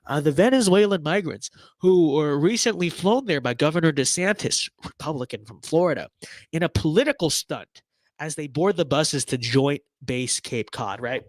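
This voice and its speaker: A man's voice: a little high, animated, normal speed, dry recording. A man hosting a political commentary show who talks in a sarcastic, mocking way, with lots of fillers and restarts. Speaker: host.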